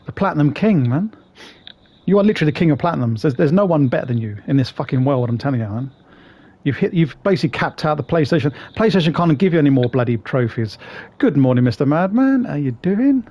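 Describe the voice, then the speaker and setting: A man chatting through a game stream, greeting viewers by name and swearing freely. His voice sits a little high yet sounds mellow and soft-edged. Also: big pitch swings, quick pace, lo-fi sound. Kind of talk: casual live-stream chat.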